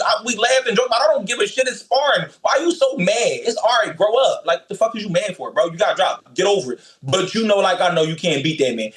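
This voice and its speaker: Brief: cocky profane guy, high voice, roomy echo on the call, trash-talking boxer. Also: a bit bright. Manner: profane, blunt, emphatic. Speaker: boxer calling in as guest. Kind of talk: brash trash talk.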